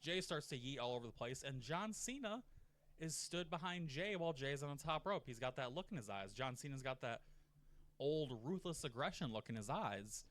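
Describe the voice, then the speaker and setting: Man, casual narration, profane, animated, mid-pitched voice. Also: normal speed. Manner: profane, animated storytelling with mock quotes. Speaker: narrator of a wrestling rebooking video. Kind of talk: casual scripted commentary.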